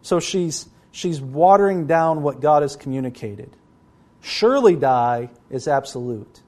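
A man's voice: a little high, darkish tone. A man preaching a sermon, emphatic and explanatory, reading scripture aloud in a stern voice.

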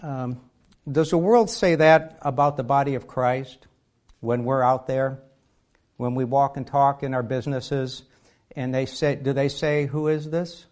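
A man's voice: mid-range voice, fairly even intonation, measured pace, a little mellow. Man preaching a sermon. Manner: reads scripture aloud in King James wording, then asks the listeners questions.

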